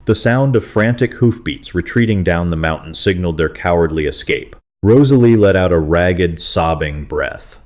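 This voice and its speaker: Deep-voiced male story narrator. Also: moderate pace, few pauses. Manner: steady, dramatic storytelling.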